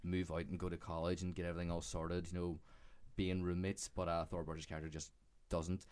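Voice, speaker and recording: Casting: deep-voiced podcast co-host, hesitant and casual. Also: male voice, level tone, a little fast, a little mellow, smooth. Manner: hesitant, filler-heavy. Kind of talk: casual film chat.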